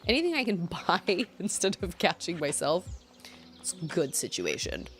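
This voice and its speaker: A woman's voice: lowish voice, big pitch swings, moderate pace, fairly bright tone, faint music behind. A young adult woman streamer chatting casually while playing a game, thinking aloud and laughing easily. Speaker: gaming streamer. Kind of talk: casual chat while gaming.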